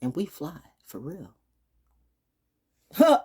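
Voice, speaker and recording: Blunt, husky-voiced woman ranting freely. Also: wildly swooping pitch, slow. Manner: blunt and profane, swinging from ranting shouts to low asides. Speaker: astrology vlogger. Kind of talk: unscripted monologue. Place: outdoors. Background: birds.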